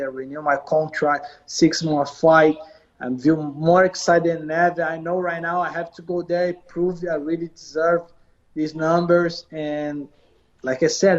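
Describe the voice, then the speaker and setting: A man from Brazil with a Brazilian Portuguese accent, answering interview questions in halting, repetitive English. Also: on the high side, darkish tone, lo-fi sound. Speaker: professional fighter.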